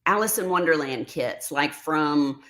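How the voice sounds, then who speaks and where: A woman's voice: low voice, lively intonation, unhurried, fairly bright tone. A middle-aged woman hosting a casual livestream, reading out viewer comments and talking openly, getting emotional at times. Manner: emotional, sarcastic, reads out chat comments. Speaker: livestream host.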